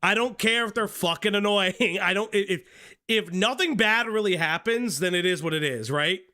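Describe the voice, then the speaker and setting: Man, streamer commentary, high voice, profane, restarts, hoarse. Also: moderate pace, sharp tone. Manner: casual, profane, restarts often. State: voice going hoarse. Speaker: streamer host. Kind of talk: live-stream drama commentary.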